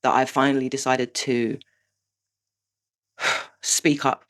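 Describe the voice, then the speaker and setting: A woman's voice: very deep voice, flat delivery, takes it slowly. A woman talking candidly to camera in a confessional vlog, frank and sweary, with rueful laughs. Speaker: vlogger.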